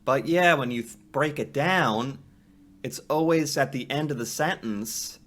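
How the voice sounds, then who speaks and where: A man's voice: mid-range voice, measured pace, fairly bright tone. A man reacting to a video in casual commentary, thinking aloud and musing with restarts.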